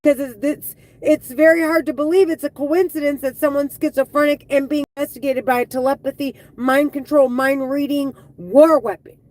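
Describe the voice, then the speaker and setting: A woman live streaming an angry, profane monologue, heated and full of halting restarts. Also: high voice, steady tone, darkish tone, no echo, poor audio.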